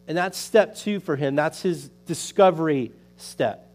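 A man's voice: on the high side, normal speed, a little mellow. A man preaching a sermon, retelling a story in a loose, conversational way with many fillers. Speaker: pastor.

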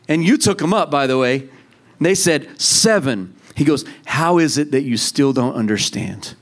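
A man's voice: a little high, moderate pace. A man preaching a sermon to a congregation in a conversational way, acting out the voices of the people in the story. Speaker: pastor.

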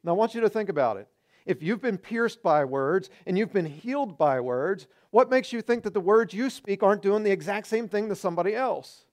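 Male pastor, middle-aged, higher voice, animated conversational sermon, acts out quotes. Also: brisk.

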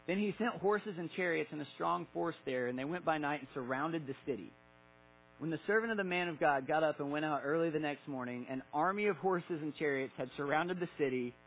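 A man's voice: on the high side, a little fast, fairly bright tone, low-quality recording. A man in his thirties preaching a sermon, casual and conversational, acting out Bible stories with filler words. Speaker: pastor.

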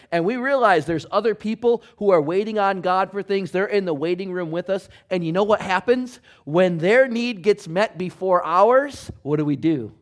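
A middle-aged male pastor telling a self-mocking story in a conversational sermon, full of asides and rhetorical questions. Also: sits high.

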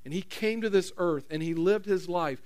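Middle-aged pastor, high voice, chatty sermon style, talks straight to the pews. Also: male voice, moderate pace, darkish tone. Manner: conversational, repeats phrases, questions the audience. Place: church.

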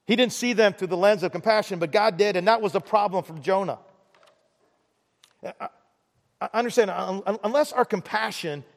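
High-voiced guy preaching, stumbles and restarts a lot, big echoey hall. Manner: conversational, stammering restarts, rising intensity on key points. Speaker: pastor. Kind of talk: sermon.

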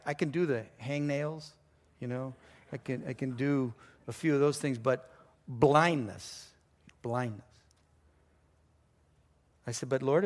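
A man preaching a sermon as pastor, telling a story earnestly, with sudden excited rises and quiet drops. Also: medium pitch.

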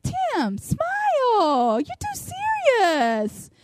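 A woman's voice: very high voice, huge pitch swings, very slow, dry recording, clean studio sound, voice pushed up, heavily acted. A woman voicing an overly cheerful middle-aged woman in a story, bubbly and sing-song.

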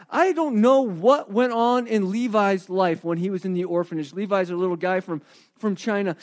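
High-voiced, animated male preacher. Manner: animated storytelling, emphatic, rhetorical questions. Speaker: pastor. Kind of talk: sermon.

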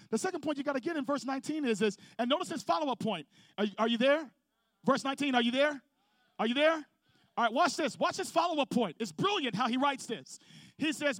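A man's voice: very high voice, no echo, clean studio sound. A male pastor preaching a sermon to his congregation, calling for responses and building intensity. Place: church sanctuary with congregation.

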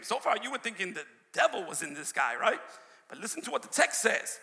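A male preacher delivering a sermon, swinging from shouts to hushed asides and calling out to his congregation. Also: very high voice, lively intonation, fairly quick, gravelly, in a large hall. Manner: call-and-response preaching, shouting and dropping to a hush. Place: church sanctuary.

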